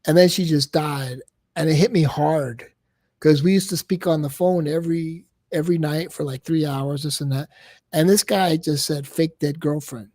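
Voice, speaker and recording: A man's voice: a little high, a little mellow, dry recording, clean studio sound. Heated, swearing man. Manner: heated, swears a lot, repeats himself. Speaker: streamer guest. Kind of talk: emotional casual talk on a livestream.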